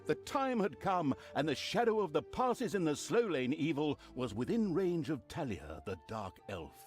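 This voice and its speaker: An actor narrating a video game with sardonic, mock-grand storytelling. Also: male voice, a little high, very animated, normal speed. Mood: dry wit. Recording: game audio with music behind.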